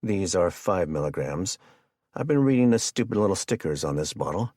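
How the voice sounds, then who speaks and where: A man's voice: low-pitched, expressive, normal speed, a little mellow, dry recording, studio quality. A man playing a jovial, sadistic male hitman who chats and jokes while he menaces his captive. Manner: chatty, joking, casually menacing.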